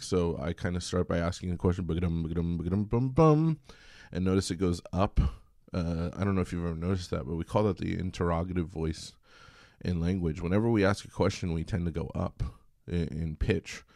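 A man giving a recorded college music lecture in a relaxed, chatty way, singing short examples. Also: deep voice, brisk, vocal fry, dry recording, clean studio sound.

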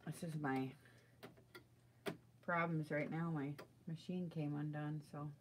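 A middle-aged woman making a live craft video chats as she works, asking her viewers for guidance along the way. She speaks slowly in a low, steady voice over a noisy background.

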